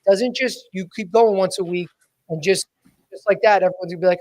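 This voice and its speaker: A man's voice: high voice, brisk. A man hosting a live podcast as a sales coach, talking energetically and directly to his listeners, often repeating or correcting himself mid-sentence. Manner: energetic, direct, keeps addressing listeners as guys. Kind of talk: live podcast, motivational talk.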